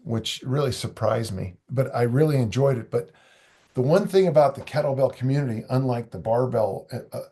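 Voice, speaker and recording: A man's voice: medium pitch, warm tone. An older man, a strength coach and author, talking casually in an interview, rambling with many restarts and asides.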